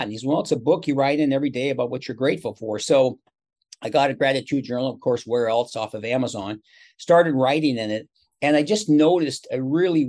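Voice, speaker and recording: Chatty older man telling stories. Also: medium pitch. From Seattle, USA. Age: 60s. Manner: chatty, animated storyteller with quoted dialogue. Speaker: guest, motivational speaker. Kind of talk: casual interview storytelling.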